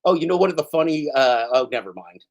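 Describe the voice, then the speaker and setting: Heated male commentator, higher-pitched, profane, mocking rant. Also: animated, fast talker, background noise. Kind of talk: angry ranting commentary.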